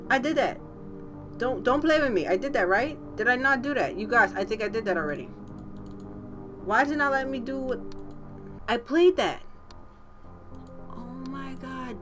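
A woman YouTuber doing let's play commentary, tipsy and frustrated, cursing freely with loud outbursts. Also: a little high. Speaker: gaming YouTuber.

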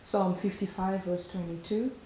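A woman's voice: mid-range voice, fairly even intonation, moderate pace, mellow. A woman hosting and preaching a sermon, earnest, asking the listener questions and leading them in prayer. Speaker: host and preacher. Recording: echoey room with faint hiss.

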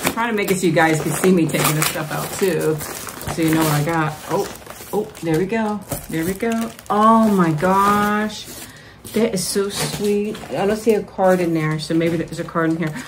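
A woman with a low-pitched voice opens mail on camera and gushes to her viewers. She talks in an excited, casual way. A faint hum of room noise sits behind her. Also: moderate pace. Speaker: vlogger. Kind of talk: casual mail-opening vlog.

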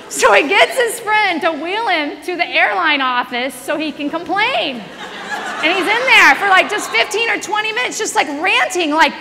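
A woman giving a conversational sermon, telling a story in a lively way and laughing along as she goes. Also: extremely high pitch, moderate pace, big-room sound, noisy background. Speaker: speaker.

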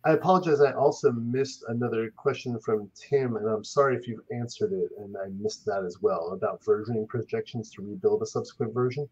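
A man's voice: lowish voice, brisk, hardly any pauses, a little mellow, slightly rough, highs cut off. A man hosting a virtual developer meetup, chiming in with enthusiastic praise and apologies, repeating words as he restarts. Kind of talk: casual live-stream moderation.

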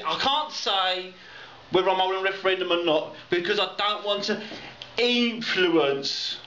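A man's voice: fairly high pitch, bright, forceful tone, slight background noise. A man delivering a heated, swear-laden political rant, often repeating himself. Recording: echoey lo-fi room recording.

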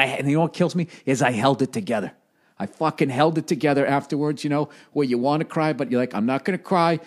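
Profane self-mocking man in his forties. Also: fairly high pitch. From United States. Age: 40s. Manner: profane, rambling, self-deprecating. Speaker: comedian podcast host. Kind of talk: casual comedic storytelling monologue.

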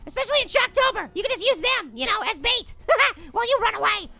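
A performer voicing a tiny, jumpy male apple in a pitched-up cartoon voice, commenting excitably on a horror game and shrieking in panic. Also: quick pace, creaky, heavily acted. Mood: cheery. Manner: excitable, loud panicked shrieks and repeated words. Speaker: gameplay commentator. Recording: game music under the voice.

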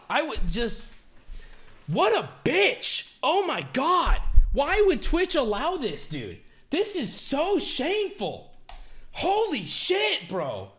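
A man's voice: very high voice, a bit bright, husky. A man streaming live, ranting angrily with heavy swearing and exasperation. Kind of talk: angry live-stream rant.

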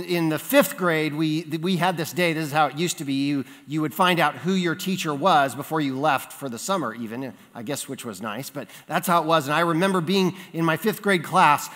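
A man preaching a sermon, telling a childhood story in an animated way and acting out the voices in it. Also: on the high side, normal speed. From California. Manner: animated storyteller, acts out voices in his anecdotes. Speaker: pastor. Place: church sanctuary. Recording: long reverb of a church sanctuary.

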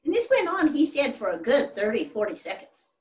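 A woman's voice: sits high, wildly swooping pitch, a little fast, a little mellow. An actress as a genteel 1800s widow spins family tales in a chatty, exclamatory way, her voice rising and falling freely. She is on a stage, heard from a distant mic in a roomy hall. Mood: fond. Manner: fond, chatty storyteller with exclamations. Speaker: actress portraying a historical first lady. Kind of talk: live one-woman historical reenactment. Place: stage before a live audience.

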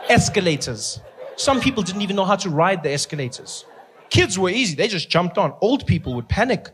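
A male stand-up comedian telling a story in an animated way and acting out the people in it. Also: sits high, fairly quick, a little hiss or hum. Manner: animated, acts out characters.

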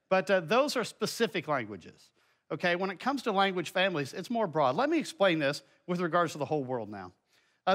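High bright-voiced man teaching. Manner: folksy and conversational, with many asides and filler words. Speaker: teacher presenting a children's Bible lesson. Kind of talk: presentation lesson with slides.

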